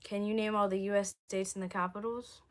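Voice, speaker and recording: A young woman chatting on a livestream, rambling and answering viewer comments, her voice going hoarse. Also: medium pitch, fairly even intonation, brisk. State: losing her voice, coughing. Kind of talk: casual livestream chat.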